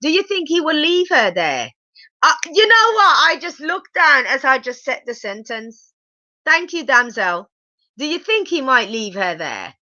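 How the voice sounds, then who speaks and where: A woman's voice: sits high, sing-song, measured pace, bright, forceful tone, dry recording, highs cut off. A woman giving a chatty live review of a reality show, exclaiming and asking her viewers questions. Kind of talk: live casual episode review.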